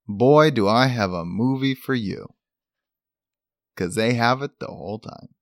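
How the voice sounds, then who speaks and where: A man's voice: on the low side, lively intonation, moderate pace, no room sound, studio quality. A man co-hosting a podcast, talking in an upbeat, rambling way with lots of fillers. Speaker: podcast co-host. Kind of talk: casual chat.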